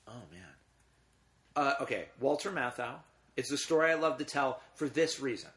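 A middle-aged man chatting as a guest, his voice at an ordinary middle pitch. He tells stories in a loose, rambling way, full of restarts. He turns emotional when a subject touches him. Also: normal speed, a bit bright. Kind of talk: casual conversation.

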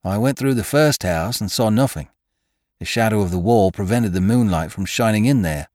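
A man's voice: fairly low pitch, moderate pace, darkish tone, no room sound, clean studio sound, pitched above the performer's own voice, natural voice. A man voicing a nervous, respectful gardener who tells his tale earnestly to his employer. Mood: earnest, uneasy. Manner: earnest, respectful, addresses others as sir. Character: nervous deferential male gardener, working man.

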